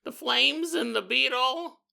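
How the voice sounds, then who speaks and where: A frightened little boy, about four, whining and begging his parents not to make him go to bed, as a man puts him on. The voice is raised high and bright, with a gravelly edge under it. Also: slow, heavily acted. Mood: frightened pleading. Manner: whiny, pleading. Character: scared little boy, four years old.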